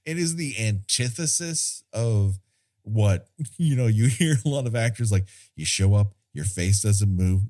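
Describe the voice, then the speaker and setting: A man's voice: fairly low pitch, lively intonation, a little slow, mellow. A man co-hosting a casual film podcast, rambling and self-deprecating, often breaking into laughter. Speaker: podcast co-host.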